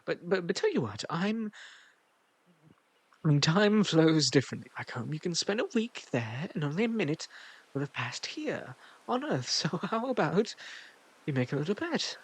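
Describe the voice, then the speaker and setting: A man performs an egotistical god who doats and coaxes in a put-on foreign-sounding lilt, his voice gravelly and a little husky. The pitch swings about with lively movement, and it is recorded close and dry. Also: normal speed, heavily acted. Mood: smug, coaxing. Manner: smug, coaxing, put-on foreign-sounding accent. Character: egotistical possessive male god, smug and doting. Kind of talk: audio role-play.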